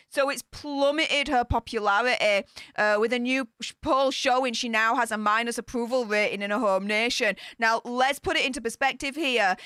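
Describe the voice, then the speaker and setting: A British woman giving scornful live-stream commentary in an excitable voice that swings between shrieks and mutters. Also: high voice, clean tone, no room sound, studio quality. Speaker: royal news commentator.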